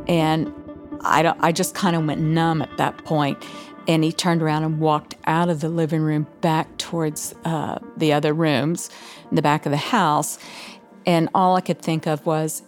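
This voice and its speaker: A woman recounting a frightening memory in an interview, halting and hesitant. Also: deep voice, steady tone, soft background music.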